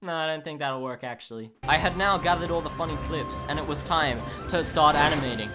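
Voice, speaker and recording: A young man in his late teens narrating a comedic storytime as a YouTube animator, sarcastic and animated, jumping from mock-dramatic shouts to low mumbled asides. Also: brisk. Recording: background music under voice.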